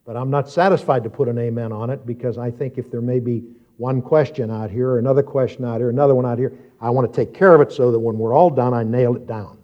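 A man preaching a sermon, moving from quiet, reflective explanation to loud, emphatic scripture reading and questions to his congregation. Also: medium pitch, fairly even intonation, fast talker. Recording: dull lo-fi sound.

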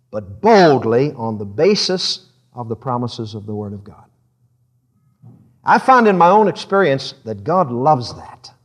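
Animated preacher man with a high voice. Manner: animated, conversational preaching with laughter. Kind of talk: sermon. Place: church service.

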